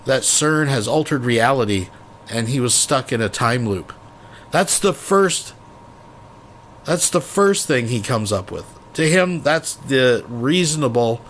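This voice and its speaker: A man's voice: mid-range voice, a bit bright, a little hiss or hum. A man hosting a commentary stream, mocking a played clip in a sarcastic, profane way. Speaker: reaction commentary host.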